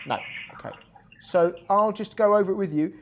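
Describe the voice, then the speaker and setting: A man's voice: high-pitched, moderate pace, slight background noise. A man teaching a Torah class in an explanatory classroom style, checking in with his students as he goes. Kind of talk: classroom lecture.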